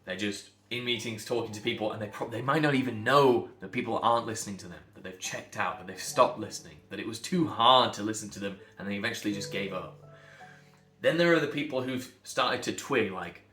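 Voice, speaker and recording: A man from England, a speech coach, talking bluntly and emphatically to camera, sometimes building to loud outbursts. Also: lowish voice, fairly quick, reverberant, faint music behind.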